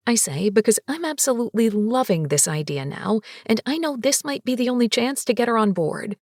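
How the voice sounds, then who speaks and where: A woman reading an audiobook in first person, her voice fairly high and full of sass. She leans into the wry asides with lively expression. The recording is close and dry. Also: a little fast, few pauses, dry recording. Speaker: audiobook narrator.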